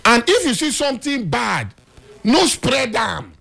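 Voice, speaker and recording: A man's voice: extremely high pitch, very animated, measured pace, gravelly, sharp tone, husky. A man with a Nigerian accent, a guest on a talk show, speaking in an emphatic, preachy way.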